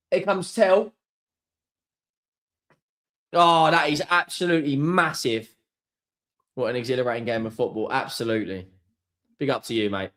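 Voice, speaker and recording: Young man, football watchalong host, higher register, slow-paced, sweary, volatile between shouting and mumbling. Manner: excitable, swears, swings from shouting to muttering. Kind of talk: live match watchalong reaction.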